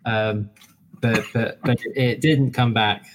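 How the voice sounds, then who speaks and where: A man's voice: mid-range voice, steady tone, slow pace. Rambling man telling a story. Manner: rambling, many restarts and fillers. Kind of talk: casual chat.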